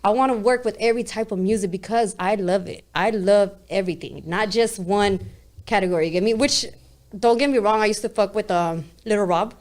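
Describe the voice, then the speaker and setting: A woman's voice: mid-range voice, brisk, darkish tone. A woman with a New York accent, a rapper talking casually in an interview, streetwise and blunt, swearing freely and asking "you get me?". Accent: New York-style. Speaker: guest rapper.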